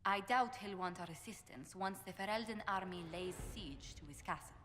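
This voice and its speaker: A woman's voice: mid-range voice, moderate pace, fairly bright tone, slight background noise, lightly acted. An actress playing a cautious, formal female diplomat in a video game. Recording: game audio with long reverb.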